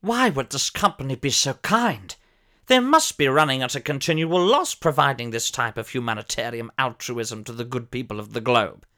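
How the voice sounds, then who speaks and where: A man's voice: medium pitch, animated, normal speed, pushed and bright. Guy putting on a posh old actor type, plummy and theatrical, voice swoops all over the place. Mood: pompous. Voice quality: plummy, theatrical, prone to sudden shrieks. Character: pompous posh older male ex-soap actor. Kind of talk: comic character monologue.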